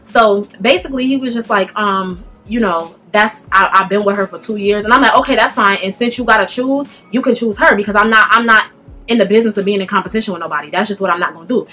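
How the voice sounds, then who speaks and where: A young woman telling a casual storytime, animated and speaking straight to her viewers. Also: medium pitch, fast talker, faint music behind. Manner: animated, addresses viewers directly, slangy.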